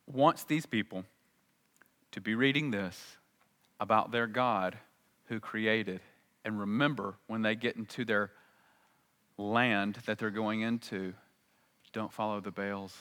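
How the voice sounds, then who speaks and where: Male pastor, bright tone, lively sermon delivery with rhetorical questions. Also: lowish voice, takes it slowly, pauses often. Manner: animated preaching with acted-out quotes and rhetorical questions.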